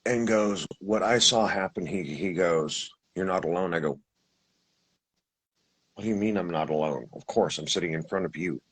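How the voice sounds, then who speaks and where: A man with a husky voice, telling his experience in a casual, rambling way, with restarts and acted-out quotes. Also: deep voice, moderate pace, fairly bright tone, rough recording. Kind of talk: casual storytelling.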